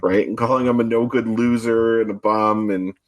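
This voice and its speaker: A man co-hosting a casual podcast, explaining his views in a thoughtful, quick way. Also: lowish voice, steady tone. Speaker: podcast co-host.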